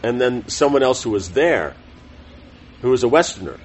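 A middle-aged man teaching a scripture class, reading a text aloud in a measured, deliberate way with small self-corrections and chatty asides. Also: mid-range voice, expressive, slight background noise, poor audio.

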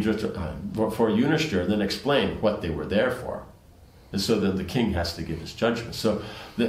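A man teaching, reading scripture aloud with commentary and rambling asides full of restarts. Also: fairly low pitch. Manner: rambling, many restarts and "you know"s. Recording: roomy echo.

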